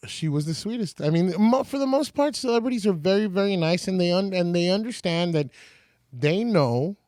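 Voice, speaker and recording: A man's voice: sits high, lively intonation, normal speed, darkish tone, no echo, clean studio sound. A man in his forties from San Antonio, a radio personality telling stories as a podcast guest and acting out other people's lines. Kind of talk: casual storytelling.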